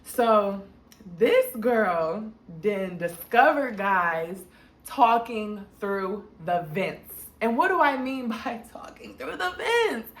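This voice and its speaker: A young woman telling a casual storytime in a slangy, animated way, jumping up high when she quotes people. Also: takes it slowly. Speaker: storytime vlogger. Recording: echoey room.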